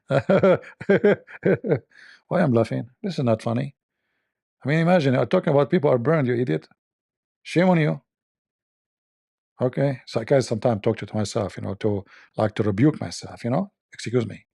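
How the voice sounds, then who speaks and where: A man speaks in a gravelly, dark voice. He hosts a mocking commentary, sarcastic and given to repeating himself. The sound is close and dry. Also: mid-range voice, normal speed, long pauses, no echo. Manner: sarcastic, laughs at own jokes, repeats phrases. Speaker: show host. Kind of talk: mocking religious debate commentary.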